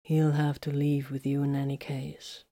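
A woman reading the lines of a calm male space marine commander in an audiobook, quiet and dry. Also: a bass voice, moderate pace.

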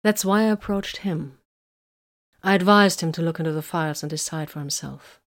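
A woman voicing a shrewd, composed female inquisitor in an audiobook, calm and solemn. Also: fairly low pitch, normal speed, close to an everyday voice.

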